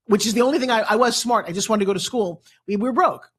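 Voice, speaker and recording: Woman in her fifties, dramatic and animated motivational speaker sharing her story as a talk show guest. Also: fairly high pitch, fast, husky. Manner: animated, dramatic storyteller who acts out quotes.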